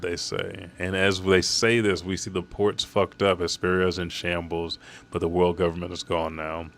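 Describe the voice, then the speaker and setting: A man recapping a comic chapter in casual talk, reading the characters' lines aloud with excited jumps in his voice and casual swearing. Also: deep voice. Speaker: manga chapter reviewer.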